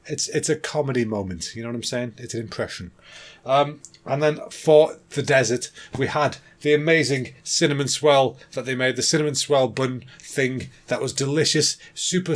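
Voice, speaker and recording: Rambling guy hosting his comedy podcast, chatty, talks to the folks. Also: medium pitch. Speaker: podcast host. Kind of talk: casual comedy podcast monologue.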